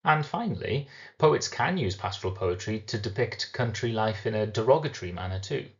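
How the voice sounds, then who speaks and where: Man teaching literature, low voice, explains step by step, dull lo-fi recording. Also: expressive. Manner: explains step by step, slows down to sound out syllables. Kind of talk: recorded lesson.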